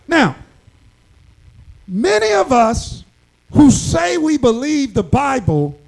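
Slow, gravelly, high-pitched preaching man. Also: poor audio. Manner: emphatic, shouting key lines, slow deliberate delivery. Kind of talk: sermon.

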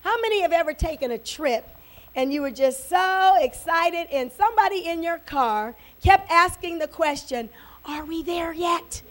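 A woman's voice: very high-pitched, expressive, normal speed, fairly bright tone. A woman pastor preaching and praying fervently at a church service, breaking in often with amens and praises. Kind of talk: sermon.

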